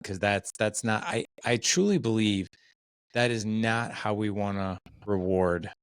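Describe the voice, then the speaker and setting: A man's voice: fairly low pitch, a little slow, no room sound, studio quality. A man as a podcast guest, telling stories in casual conversation and voicing the quoted dialogue. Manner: storytelling, voices quoted dialogue.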